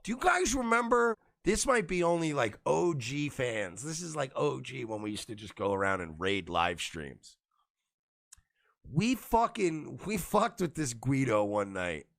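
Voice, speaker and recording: A man on a livestream, ranting and heckling in a loud, boastful, profane way. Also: mid-range voice, very animated, measured pace, gravelly, no echo, studio quality.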